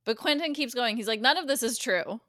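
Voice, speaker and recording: A woman's voice: on the high side, no echo, clean studio sound. A woman co-hosting a podcast, recapping a TV episode in casual chat and acting out the characters' lines. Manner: animated storyteller, acts out lines with quick voice shifts. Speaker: guest co-host recapping a TV episode.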